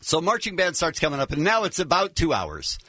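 Animated man telling a comic story. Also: on the high side, a little fast, no echo. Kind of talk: casual storytelling chat.

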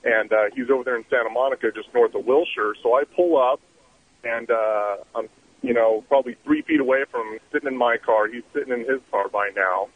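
A man calling in to a radio show, a private investigator telling a story in a halting way with many fillers. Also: mid-range voice, steady tone, no room sound. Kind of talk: phone-in storytelling. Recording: tinny phone line with faint noise.

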